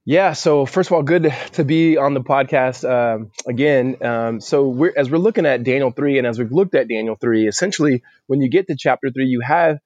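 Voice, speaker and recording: A man's voice: medium pitch, moderate pace, few pauses, darkish tone, no echo. Earnest man, dry muffled audio. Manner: earnest, repeats words as he thinks. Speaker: pastor. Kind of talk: casual podcast teaching. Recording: dry, dull lo-fi sound.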